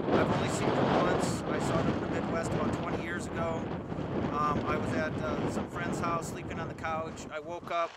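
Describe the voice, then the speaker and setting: A man with a slightly high voice answers interview questions outdoors, halting and restarting his sentences with lots of ums. Loud wind batters the microphone the whole time. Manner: hesitant, many fillers and restarts. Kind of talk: outdoor interview, casual recollection. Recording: loud wind noise on mic.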